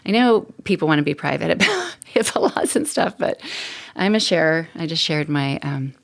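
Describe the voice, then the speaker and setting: A woman's voice: low voice, big pitch swings, moderate pace, creaky. A middle-aged woman hosting a podcast, talking casually and candidly with frequent laughs and rambling asides. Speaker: podcast host. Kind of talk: casual solo podcast monologue.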